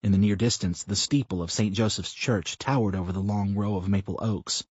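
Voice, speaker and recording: A man narrating an audiobook in a steady, measured reading, in a slightly muffled recording. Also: lowish voice, breathy edge, no echo. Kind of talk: scripted narration.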